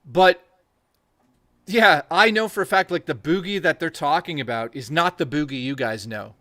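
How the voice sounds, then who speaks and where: Bright-voiced excitable Canadian man. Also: fairly high pitch, moderate pace, dry recording. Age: 40s. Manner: excitable, profane banter with frequent restarts. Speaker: podcast co-host. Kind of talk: casual chat.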